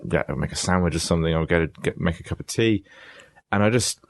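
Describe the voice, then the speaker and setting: A man's voice: low-pitched, fast. A young man rambling through self-mocking stories in casual podcast banter. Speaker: podcast co-host.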